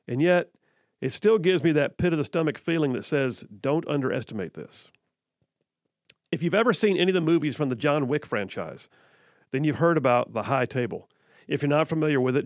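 A man's voice: mid-range voice, no room sound. A man hosting a political talk radio show, delivering an emphatic, folksy monologue full of sarcastic asides into a studio microphone.

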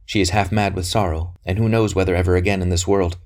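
A man's voice: low-pitched, fairly even intonation, fast, a little mellow, natural voice. A man reading aloud voices an old, secretive physician who speaks tersely and suspiciously. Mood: scornful. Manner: terse, suspicious, flaring into scorn. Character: old wary male physician, fierce and secretive. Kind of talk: audiobook character reading.

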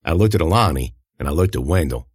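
A man narrating a first-person audiobook in an expressive, lively storytelling manner. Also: extremely low pitch, fast talker, slightly rough, no echo, clean studio sound.

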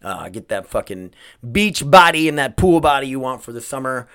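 An American man hosts his own podcast in a casual solo monologue, rambling, swearing and calling his listeners "you guys" as he gets emotional and choked up. His mid-range voice is very animated, fairly bright, clear and resonant at a moderate pace. The studio-quality recording has no room sound.

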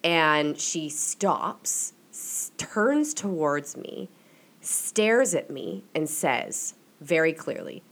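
A young woman hosts a podcast in a low voice, telling personal stories in a loose, confessional way. She peppers her talk with "like" and swears freely. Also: very animated, very slow, a bit bright. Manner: chatty, frequent "like" fillers, swears freely. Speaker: podcast host. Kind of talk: casual confessional storytelling.

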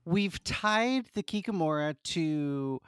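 Woman, deep voice, podcast co-host, easygoing, laughs easily, dry close recording. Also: lively intonation, clean tone, no echo. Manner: easygoing, quick to laugh, trails off mid-thought. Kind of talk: casual chat.

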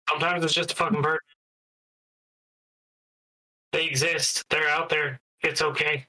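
Very bright-voiced, wry podcast man. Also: fairly high pitch, fairly even intonation, moderate pace, rough recording. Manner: easygoing and wry, mimics people in anecdotes. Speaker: podcast co-host. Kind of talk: casual chat.

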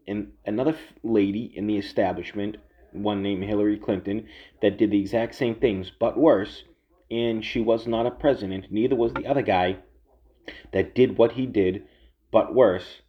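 A man's voice: fairly low pitch, fairly even intonation, normal speed. Profane ranting man, dull audio. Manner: heated, profane, repetitive, sarcastic. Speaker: political commentator. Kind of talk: casual rant.

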